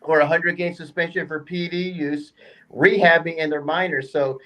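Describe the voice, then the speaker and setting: A man's voice: fairly high pitch, fairly even intonation, normal speed, bright, forceful tone, low-quality recording. A man on a sports talk panel giving an indignant, sarcastic rant.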